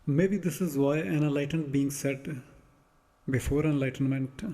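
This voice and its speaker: Male spiritual teacher, slow meditative delivery, mellow tone, long hall reverb. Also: on the high side, fairly even intonation. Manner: measured, reflective, in short phrases.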